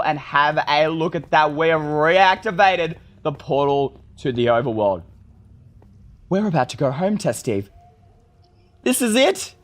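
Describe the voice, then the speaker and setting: A man narrating a survival game as he plays, excitable, often calling out to his viewers. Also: high voice. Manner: excitable, talks to viewers as "guys". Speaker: gaming video creator. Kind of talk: let's play commentary.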